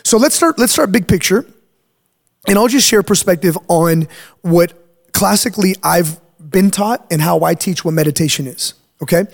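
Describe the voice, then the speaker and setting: A man's voice: sits high, normal speed, gravelly. A man hosting a faith podcast as pastor, talking in an emphatic, preachy way and checking in with "right?" as he explains. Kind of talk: casual chat.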